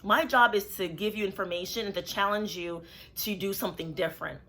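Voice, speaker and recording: A woman's voice: mid-range voice, a little fast, fairly bright tone, faint music behind. A woman who works as a clinical social worker, talking candidly and casually to her viewers, with plenty of fillers. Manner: candid, conversational, many fillers. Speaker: licensed clinical social worker and therapist, channel host. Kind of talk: casual talk to camera.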